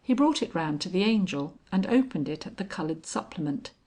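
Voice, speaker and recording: A woman reading a classic novel aloud, narrating in a measured, steady way. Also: lowish voice. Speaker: audiobook reader. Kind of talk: scripted narration.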